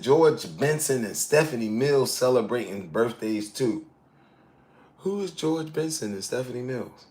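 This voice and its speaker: A man in his sixties casually chatting on a live stream, reading viewer comments aloud and laughing often. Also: fairly low pitch. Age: 60s. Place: outdoors in hot weather in Thailand.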